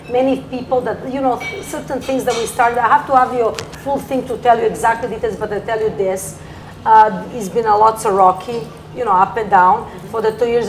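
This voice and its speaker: Brief: woman guest astrologer, slightly high voice, rambling earnest advice, faint background hiss. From from Toronto area. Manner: rambling, earnest advice-giving with broken grammar. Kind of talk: casual talk show chat.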